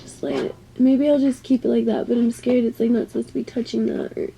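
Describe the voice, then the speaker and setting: A young woman talks to camera in a casual vlog from a home utility space near the water heater, nervously swearing her way through a frightening task. Her voice is fairly high and gravelly with little pitch movement, and she talks quickly. Background noise is audible.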